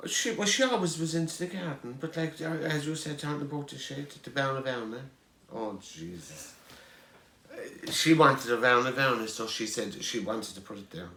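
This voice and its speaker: A man's voice: mid-range voice, brisk, bright, forceful tone, reverberant, a little hiss or hum. A middle-aged Irish man telling rambling family anecdotes as an interviewee, chuckling as he goes. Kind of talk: storytelling.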